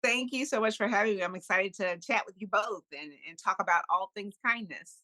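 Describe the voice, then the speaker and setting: A middle-aged woman, a podcast guest, telling a personal story in an animated, candid way with frequent laughs. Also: medium pitch, a little fast, no echo, rough recording. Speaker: podcast guest, kindness speaker. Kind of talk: casual storytelling interview.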